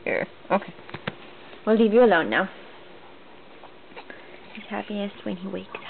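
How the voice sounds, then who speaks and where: A woman's voice: mid-range voice, unhurried, vocal fry. A woman filming her baby with a handheld camera at home, cooing in sing-song baby talk and laughing often. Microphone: handheld home video camera. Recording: tinny lo-fi home video with hiss.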